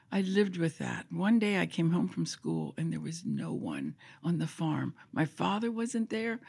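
A woman's voice: medium pitch, creaky, husky. An older woman sharing her life story as an interview guest, emotional and at times dropping to a whisper. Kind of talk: personal testimony in an interview.

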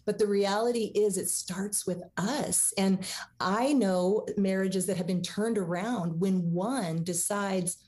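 A woman's voice: medium pitch, takes it slowly, dark tone. A woman guest author talking earnestly about marriage and faith in a radio interview. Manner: earnest, preaching tone.

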